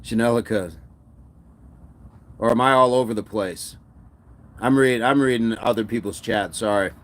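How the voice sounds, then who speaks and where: A man's voice: lowish voice, normal speed. A man hosting a casual live stream, upbeat and laughing often as he reads out viewer comments. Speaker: fitness streamer.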